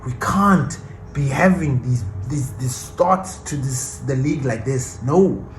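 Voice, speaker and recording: A man's voice: medium pitch, expressive, slow, echoey room, soft background music, poor audio. A man hosting a football fan channel, ranting passionately and defiantly about his team in casual commentary.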